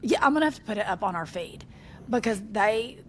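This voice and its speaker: A woman chats on a podcast at a middling pitch. She tells animated family stories and slips into voices for her mother. A faint low rumble sits under her voice. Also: fairly quick. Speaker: podcast co-host. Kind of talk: casual chat.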